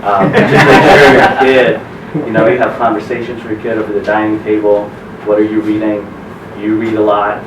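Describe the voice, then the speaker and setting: A man's voice: fairly low pitch, level tone, brisk. A man from a school's leadership speaking on a panel, conversational and full of "you know". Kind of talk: panel discussion. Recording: roomy, distant mic with hum.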